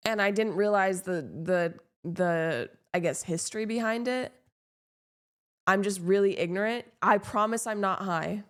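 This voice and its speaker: A woman's voice: mid-range voice, measured pace, fairly bright tone. Rambling young woman streamer. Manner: rambling, self-deprecating, lots of fillers. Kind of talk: casual chat while gaming.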